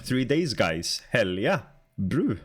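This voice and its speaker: A young man streaming and chatting casually with his viewers, halting and talkative as he answers chat aloud. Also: mid-range voice, sing-song, husky.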